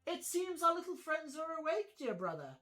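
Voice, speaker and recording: A woman voicing a calm, smug masked male Aasimar gentleman in blue who speaks in a dry monotone. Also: high voice, moderate pace, faint music behind, pitched above the performer's own voice.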